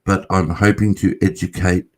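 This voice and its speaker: A man with an Australian accent in casual chat, talking fast and swearing freely. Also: low-pitched, little pitch movement, no echo.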